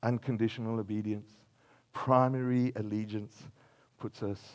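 Older Australian man preaching, playful made-up stories, mid-range voice, swings from loud to hushed. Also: medium pitch, moderate pace. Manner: animated storytelling with playful made-up examples, dropping to a hushed close. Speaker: pastor. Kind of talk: sermon.

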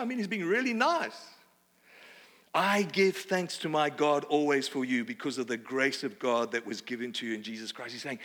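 Australian preacher in a reverberant hall. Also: male voice, medium pitch, brisk. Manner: animated, conversational preaching with playful asides. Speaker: pastor. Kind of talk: sermon.

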